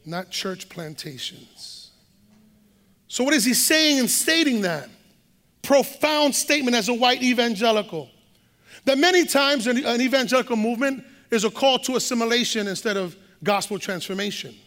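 A pastor from Puerto Rico preaches in a big church, his very high voice bright and driving. He talks fast and builds to shouts. The sound carries a long hall reverb from the stage mic. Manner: fast, rising to shouts, bilingual asides. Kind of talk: preaching a sermon.

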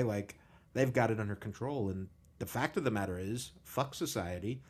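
A man's voice: fairly low pitch, moderate pace, a little mellow. A man hosting a podcast, talking frankly and casually about personal struggles and swearing freely. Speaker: podcast host. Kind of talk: candid conversational podcast talk.

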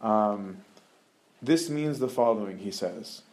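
A man's voice: on the low side, animated, slow, darkish tone. A young adult man giving a casual talk as a religious teacher, often adding "right?" as he goes. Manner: conversational, keeps adding "right?".

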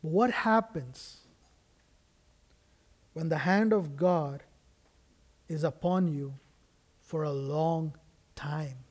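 A man's voice: fairly high pitch, very slow, pauses often. A man preaching a sermon as a guest pastor in a church, earnest and emphatic, with frequent restarts. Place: church sanctuary.

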